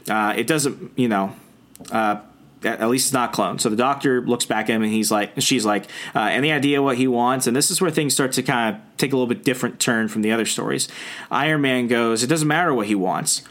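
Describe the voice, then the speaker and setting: A man's voice: mid-range voice, fairly bright tone. A young man on a podcast, recapping a comic book in casual chat and acting out the characters' lines. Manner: retells scenes, acting out lines in quick voices. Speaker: podcast co-host.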